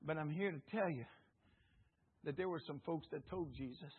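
A man preaching a fervent sermon at a church service. He calls on the congregation to repeat his words and swings between loud exclamations and hushed asides. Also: high-pitched, brisk, breathy edge. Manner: fervent preaching with call-and-response prompts to the congregation. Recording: tinny phone-like audio.

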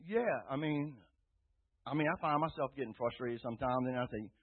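A man giving an earnest, rambling personal testimony to a church group, rising loud when he quotes himself, with a tinny phone-like sound. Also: mid-range voice, a little fast, breathy edge. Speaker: testimony speaker.

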